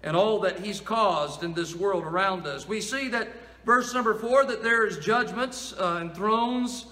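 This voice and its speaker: A man's voice: sits high, a little slow, sharp tone, echoey room, big-room sound. A male pastor preaching a sermon in a plain-spoken, folksy storytelling manner.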